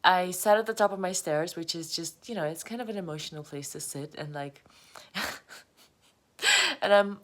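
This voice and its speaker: A woman talks slowly and unhurriedly to her camera, her voice sitting a little low. She rambles through a confessional monologue and keeps breaking into laughter. She sounds emotional, close to tears. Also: fairly bright tone. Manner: rambling, laughs often while talking. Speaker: vlogger.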